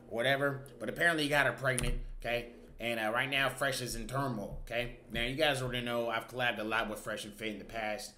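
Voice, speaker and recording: A man's voice: mid-range voice, bright, forceful tone, a little hiss or hum. A young man hosting his own commentary channel who chats casually, keeps hyping the viewers up and tags almost every line with "okay?". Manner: hypes up the audience, tags lines with "okay?".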